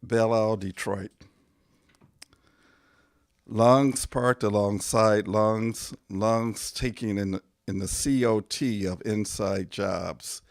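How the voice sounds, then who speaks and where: A man, a poet, reading his own poems aloud in a measured, deliberate way, pausing between phrases, his voice going hoarse. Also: lowish voice, fairly even intonation, no room sound, clean studio sound. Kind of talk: poetry reading.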